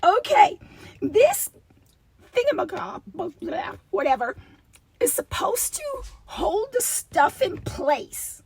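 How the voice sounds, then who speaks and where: Raspy, high-pitched gushing woman. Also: sing-song, slow pace, darkish tone, recorded from a distance. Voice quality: raspy double-toned voice. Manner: gushing, with many breathy half-whispered asides. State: hoarse. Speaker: craft channel host. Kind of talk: casual unboxing vlog.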